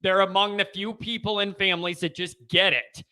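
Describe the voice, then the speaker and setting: A man's voice: sits high, fairly even intonation, a little fast, sharp tone, smooth. A man with a Midwest American accent hosting a sports call-in show, chatting casually and getting fired up, repeating himself. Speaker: host of a fan call-in show. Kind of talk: casual chat.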